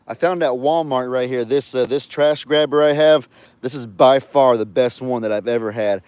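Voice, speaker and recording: A man's voice: medium pitch, normal speed, a little mellow, clean tone, no echo. A man chatting casually on his farm in a vlog, cooing at his animals and telling viewers about his day. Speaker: farm vlogger. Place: outdoors on a farm.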